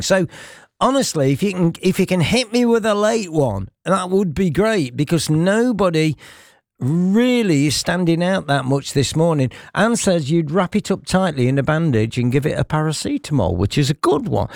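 A man's voice: fairly high pitch, very animated, moderate pace, darkish tone, no room sound. Male breakfast radio host, jokey and chatty, dry studio sound. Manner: jokey, reads out listeners' messages. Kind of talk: chatty local radio presenting. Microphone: studio microphone.

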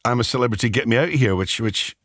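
A man's voice: mid-range voice, fast talker, fairly bright tone, no room sound, studio quality. A man hosting a radio interview, talking enthusiastically and often restarting his phrases. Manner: enthusiastic, with frequent stammered restarts. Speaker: radio host.

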